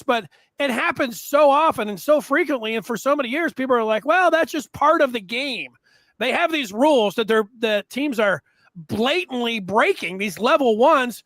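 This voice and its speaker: Excitable high-voiced man hosting sports talk. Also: no room sound. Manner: excitable, rambling storyteller. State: slightly hoarse from a cold. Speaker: sports podcast host.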